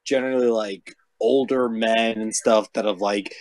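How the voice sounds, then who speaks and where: A man's voice: fairly low pitch, steady tone, moderate pace, darkish tone, no echo. A man chatting casually about comic heroes on a podcast, rambling with lots of fillers and swearing. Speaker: podcast host. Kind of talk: casual chat.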